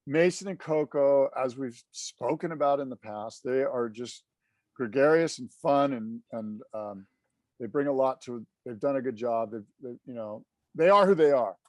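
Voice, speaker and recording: A man co-hosting a podcast in casual chat, talking in an animated, rambling way with lots of fillers. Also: mid-range voice, moderate pace, no echo. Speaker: podcast co-host.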